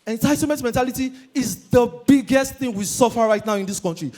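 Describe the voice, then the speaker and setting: A young Nigerian man doing a high-energy stand-up comedy routine on stage, shouting his punchlines and slipping into Pidgin. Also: brisk, soft background music. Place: live comedy stage before an audience.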